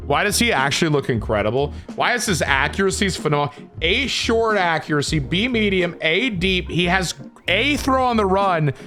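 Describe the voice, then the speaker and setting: A man commenting on his own video game play, excitable and dramatic, swinging from shouts to groans. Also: sits high, normal speed, soft background music. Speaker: gaming YouTuber.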